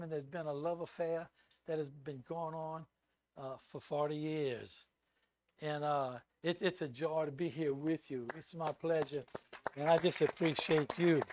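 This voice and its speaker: An older man with a notably high voice preaches as a guest speaker. He tells personal stories and acts out the quoted lines loudly. The sound is close and dry, with no room echo. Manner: animated storyteller who acts out loud quoted lines. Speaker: visiting preacher. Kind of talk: sermon with personal storytelling.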